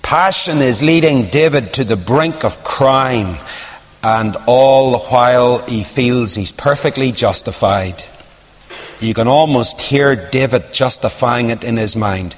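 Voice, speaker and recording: A man preaching a sermon, telling a story with sudden high swoops of emphasis and hushed low asides. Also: takes it slowly. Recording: long hall reverb.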